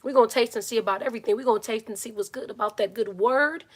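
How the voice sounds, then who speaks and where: A woman chats into her phone on a live stream, her voice sitting a little higher than most. She is animated and talkative, greeting viewers by name and slipping into soft muttered asides. The sound is close and boxed in, from a small closet. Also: fast talker. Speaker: YouTuber hosting a live Q&A stream. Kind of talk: casual live-stream chat.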